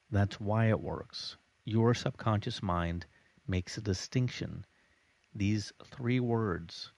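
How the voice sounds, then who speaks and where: A man giving a spoken lesson, explaining in a measured way with deliberate pauses. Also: low voice, darkish tone, no echo. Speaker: instructor. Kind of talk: spoken lesson on persuasion techniques.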